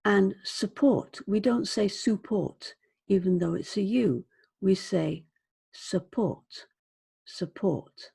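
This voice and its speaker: A woman's voice: mid-range voice, measured pace, creaky, dark tone, slightly rough. A British woman teaching English pronunciation, carefully demonstrating sounds by repeating words. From Britain. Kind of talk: slow, careful pronunciation lesson.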